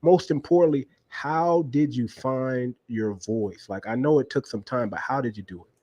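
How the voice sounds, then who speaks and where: A man's voice: medium pitch, moderate pace, warm tone, no echo. A man hosting a casual livestream interview who keeps speaking straight to his viewers and checking the stream.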